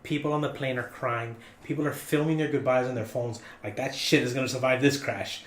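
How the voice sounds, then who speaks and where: Guy telling a funny story on a podcast, jokey, echoey room, faint noise. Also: fairly quick. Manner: animated, jokey, rising in pitch for punchlines. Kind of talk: casual storytelling.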